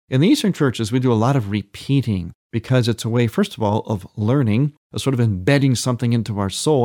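A priest who hosts a religious radio program explains liturgy in an earnest, teaching way, repeating points for emphasis. His voice is medium-pitched and darkish. The audio is studio quality with no room sound.

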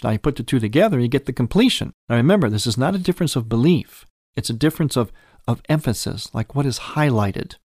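A male priest hosts a program and walks listeners through common questions in a calm teaching manner. His voice sits at an ordinary pitch, and the recording is close and dry with no room sound. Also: dry recording. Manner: explanatory, measured, patient. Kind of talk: teaching talk on a religious program.

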